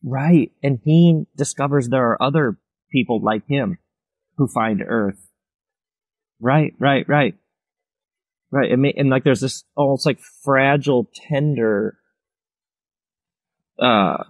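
A man's voice: mid-range voice, breathy edge, no echo, dull audio. Reflective man in a dry close recording. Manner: reflective, warm enthusiasm, lots of "like" and quick laughs. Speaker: author and podcast guest. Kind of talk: casual interview chat.

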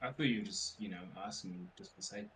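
A man's voice: lowish voice, sing-song, fast, gravelly, sharp tone, a little hiss or hum. Laid-back, teasing young man. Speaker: co-player. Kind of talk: casual gaming banter.

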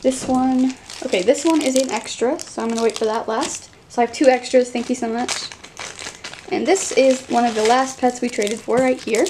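A woman hosting a casual unboxing vlog, excitable and gushing as she opens toys, with plastic bags crinkling behind her. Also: high voice, noisy background. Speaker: toy collector and channel host.

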